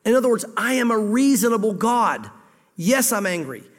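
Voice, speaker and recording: A male pastor preaching a sermon, voicing God's words in first person, with sudden loud emphatic bursts that drop low again. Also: big pitch swings, normal speed. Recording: long hall reverb.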